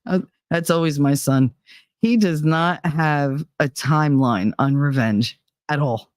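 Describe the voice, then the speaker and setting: Low-voiced woman telling candid stories. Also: a little slow, a little mellow, no room sound. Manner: candid and profane, laughing between lines. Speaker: podcast host. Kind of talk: casual personal storytelling.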